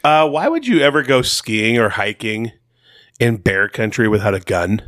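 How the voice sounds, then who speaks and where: A man's voice: fairly low pitch, expressive, moderate pace, fairly bright tone, no echo, studio quality. A man co-hosting a casual podcast, talking in a laid-back way and telling stories with playful asides. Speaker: podcast co-host.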